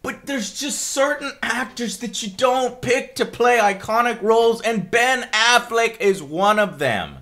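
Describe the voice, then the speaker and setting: High bright-voiced man ranting. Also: animated, a little slow, few pauses. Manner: exasperated, heavy swearing, repeats himself. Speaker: vlogger. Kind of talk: angry rant to camera.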